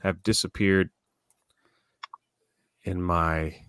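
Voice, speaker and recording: A man's voice: sits low, flat delivery, drawn-out words, fairly bright tone, clean tone, dry recording. A man from Florida, chatting casually as a guest on a livestream. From Florida, United States.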